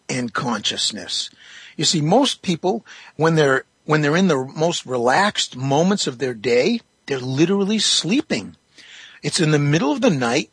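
Husky-voiced man explaining breathwork calmly. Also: on the high side, no room sound. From Canada. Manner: calm, explanatory, with fillers. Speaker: breathwork teacher, guest. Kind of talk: phone-in radio interview. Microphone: phone line.

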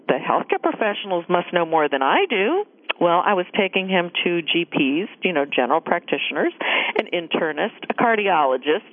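A middle-aged woman, a guest author and caregiver, telling her story in a radio interview with emphatic, animated delivery and acted-out quotes. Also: fairly low pitch, no echo. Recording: dry tinny phone line.

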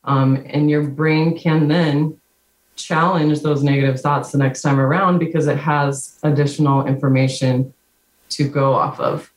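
A woman guest on a podcast calmly explaining ideas in a steady, explanatory way. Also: low-pitched, measured pace. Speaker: guest, psychiatric nurse practitioner. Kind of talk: podcast interview. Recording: roomy remote audio.

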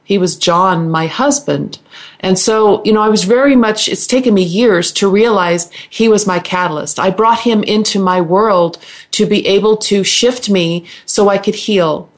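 On a radio interview, a middle-aged guest healer shares her own story earnestly but haltingly. She restarts sentences and repeats words, her voice at medium pitch.

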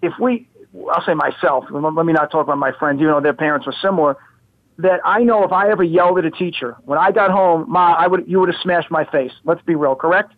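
Fast-talking man on a tinny phone line. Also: a little high, no echo. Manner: animated, repeats words as he tells. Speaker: guest. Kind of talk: casual storytelling.

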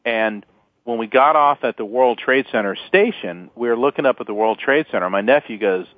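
A man's voice: medium pitch, a little fast, dry recording. Earnest man's voice over a tinny line. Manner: earnest, anecdotal, with many fillers and restarts. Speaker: guest, attorney and author. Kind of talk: phone-in radio interview. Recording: tinny phone-line sound.

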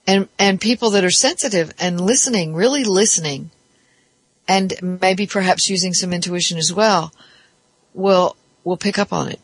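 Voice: medium pitch, normal speed, no echo. A therapist giving a reflective podcast talk, explaining ideas step by step in a thoughtful way.

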